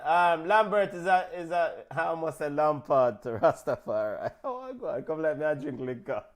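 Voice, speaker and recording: A man with a Jamaican accent hosts a relaxed football watch-along chat. His voice sits a little high for a man, and he gets excitable, calling out players and sending big-ups to listeners. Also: moderate pace. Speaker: football show host.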